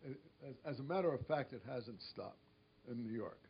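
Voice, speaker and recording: A man asking a follow-up question at a public discussion, speaking in a measured, halting way with many restarts. The recording is dull and lo-fi with a faint rumble. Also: lively intonation, creaky, breathy edge. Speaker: audience questioner, senior advisor.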